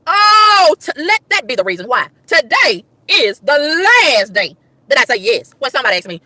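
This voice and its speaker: A woman ranting to her livestream chat, emphatic and exasperated, with loud whoops. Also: high voice, sing-song, a little fast, no room sound. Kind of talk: casual livestream rant.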